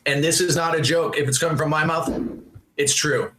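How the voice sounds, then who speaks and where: A male podcast host who keeps the banter joking and hyped. His voice sits a little high and bright. It bounces around an echoey room with faint noise underneath. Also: steady tone, a little fast. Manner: joking, hype-style banter. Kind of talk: casual podcast chat.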